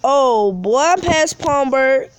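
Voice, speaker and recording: Woman, game streamer, slangy casual chat, slow drawl, fairly high pitch. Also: lively intonation. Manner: slangy, calls viewers bro and man; whiny complaints about lag. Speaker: live streamer.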